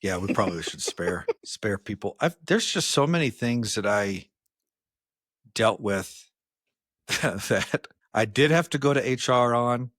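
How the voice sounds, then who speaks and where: Animated storytelling man on a dry mic. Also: a little slow, no echo. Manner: animated storyteller, acts out quotes with jumps in pitch. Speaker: podcast co-host. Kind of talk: casual storytelling chat.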